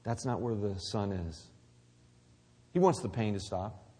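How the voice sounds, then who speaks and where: A pastor preaching a sermon, swinging between loud emphasis and near-whispered asides. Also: male voice, fairly low pitch, measured pace, husky. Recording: long reverb of a large hall.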